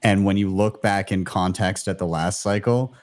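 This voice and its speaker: A man's voice: low voice, fairly even intonation, normal speed, darkish tone, no echo. A man hosting a casual live panel chat, joking and laughing often between questions. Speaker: host of a live audio stream.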